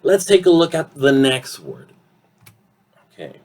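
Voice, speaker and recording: Slow, deliberate male English teacher. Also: fairly low pitch, sing-song. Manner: slow, deliberate, ends points with "okay?", many "um"s. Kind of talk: online English pronunciation lesson.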